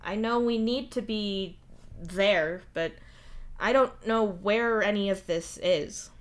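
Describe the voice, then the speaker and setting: A woman's voice: mid-range voice, slow pace, close to an everyday voice. Solix, woman voicing a jittery male alien. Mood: puzzled.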